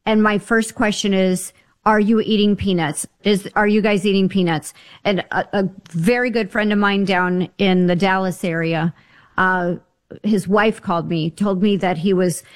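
A woman's voice: mid-range voice, fairly even intonation, normal speed. A woman on a talk show, telling stories and giving health advice in a chatty, emphatic way. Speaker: guest health advisor. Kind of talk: casual radio talk.

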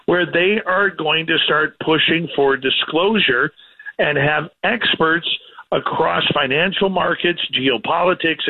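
A man calling in to a talk radio show, giving a brisk and slightly wry news rundown. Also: a little high, breathy edge. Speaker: news contributor. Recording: tinny phone line.

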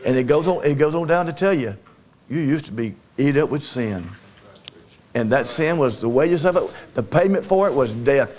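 Preacher man, storytelling sermon, asks for amens, mid pitch. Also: animated, moderate pace, darkish tone, slight background noise. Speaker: pastor.

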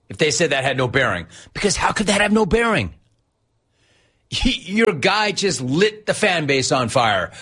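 A man's voice: fairly high pitch, a bit bright, slightly rough. A man hosting a sports radio show, ranting sarcastically and incredulously at a player. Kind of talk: ranting sports talk monologue.

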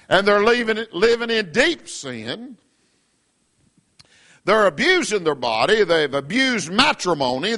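Fiery high-voiced preacher man. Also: creaky, fairly bright tone. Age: middle-aged. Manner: emphatic, repetitive, rising and falling preacher cadence. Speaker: pastor. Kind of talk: fiery preaching broadcast sermon.

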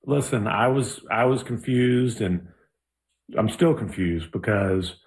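A man's voice: on the low side, slow. Laid-back man in casual podcast chat. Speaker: podcast co-host. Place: Dallas.

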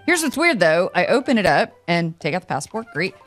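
A woman's voice: on the low side, brisk, faint music behind. A woman co-hosting a morning radio show, telling stories in casual chat and acting out her own panic. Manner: animated storyteller, acts out her own panic.

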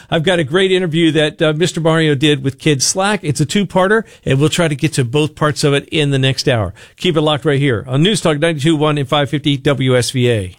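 A man's voice: fairly high pitch, no echo, clean studio sound. A man hosting a local talk radio show, chatting casually and joking at himself on air. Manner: chatty, self-joking, loose. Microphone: studio microphone.

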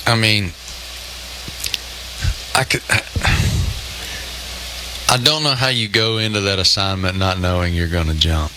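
A man's voice: low-pitched, fairly even intonation, a little slow, pauses often, noisy background. A man in his fifties co-hosting a sports talk show, telling self-deprecating stories in casual chat.

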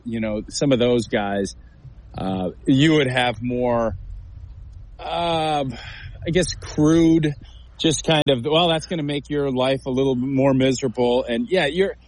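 A man's voice: medium pitch, low-quality recording. A man with a mid-range voice speaks as a sports analyst and former offensive lineman. He talks emphatically, telling locker-room stories and acting out what players would say. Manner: emphatic, storytelling, acts out quotes. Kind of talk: sports talk show.

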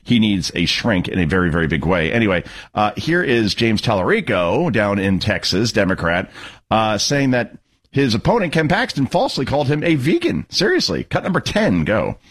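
A man hosting a political talk radio show, sarcastic and animated, cueing audio clips as he comments on them. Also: on the low side, moderate pace, husky.

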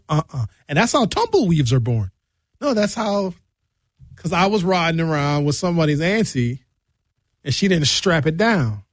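A man's voice: big pitch swings, normal speed, no room sound, studio quality. A man hosting a radio show, telling comic stories loosely with big swings in his voice. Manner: loose, joking storyteller with big pitch swings. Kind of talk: comedic radio monologue.

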